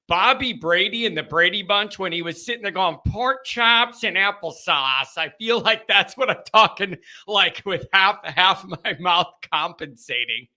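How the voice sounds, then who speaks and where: Loud joking American man ranting. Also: sits high. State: sore bitten lip. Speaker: show host. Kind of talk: casual live call-in rant.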